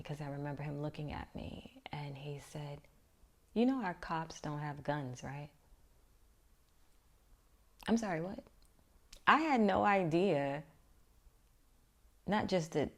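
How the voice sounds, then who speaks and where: Low-voiced woman telling her story softly. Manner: reflective, often drops to a near-whisper. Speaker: vlogger. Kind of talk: personal storytelling vlog.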